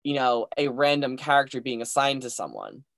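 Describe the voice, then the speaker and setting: A man's voice: mid-range voice, big pitch swings, brisk, vocal fry, fairly bright tone, no echo, clean studio sound. A man co-hosting a podcast in casual chat, hesitant and rambling, full of hedges. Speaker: podcast co-host.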